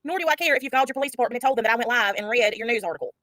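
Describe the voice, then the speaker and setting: A woman's voice: a little high, racing, fairly bright tone, no echo, poor audio. A woman hosting a casual livestream, blunt and profane, mocking the people she talks about. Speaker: livestream host.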